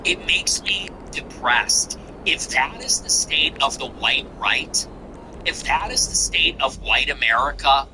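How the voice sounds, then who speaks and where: A man's voice: on the high side, bright, forceful tone, slight background noise, low-quality recording. A man hosting a commentary show, ranting contemptuously in repetitive, emphatic lists. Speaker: show host. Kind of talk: political commentary monologue.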